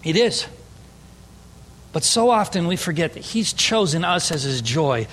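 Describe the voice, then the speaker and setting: A man's voice: on the high side, big pitch swings, measured pace, a bit bright, slight background noise. A man preaching an emphatic, story-driven sermon as a pastor. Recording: long hall reverb.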